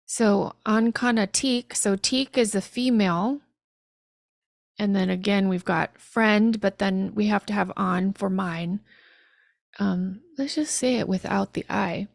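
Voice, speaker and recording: A woman teaching an online language lesson, sounding out phrases slowly and carefully with light laughs between tries. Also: medium pitch, fairly even intonation, gravelly, dry recording, clean studio sound. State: frog in her throat.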